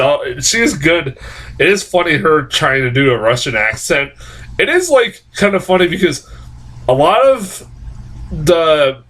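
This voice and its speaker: A man's voice: fairly high pitch, a bit bright, poor audio. Rambling, swearing male film reviewer. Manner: rambling, heavy fillers and restarts, frequent swearing. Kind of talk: casual spoken movie review.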